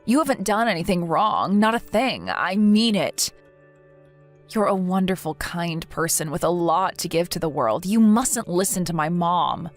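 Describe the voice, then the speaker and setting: A woman's voice: lowish voice, expressive, unhurried, faint music behind. A woman voicing a caring, outspoken young woman who talks firmly and reassuringly, in a text-message story reading. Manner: firm and reassuring.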